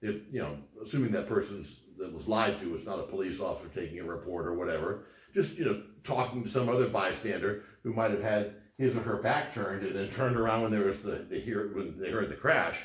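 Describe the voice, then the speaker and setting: A man's voice: on the low side, brisk. A man giving a law lecture in a conversational way, often repeating words and restarting his sentences as he explains. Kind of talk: recorded lecture. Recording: roomy echo.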